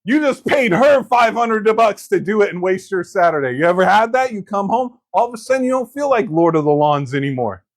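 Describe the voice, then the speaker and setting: A man's voice: sits high, animated, a little fast, hardly any pauses. A man preaching a sermon in a conversational, joking way, acting out quoted voices.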